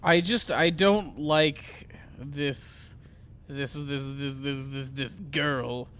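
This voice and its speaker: Bright-voiced, wisecracking podcast man. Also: mid-range voice, very slow. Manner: wisecracking, profane, repeats himself. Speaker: podcast co-host. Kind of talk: casual podcast banter.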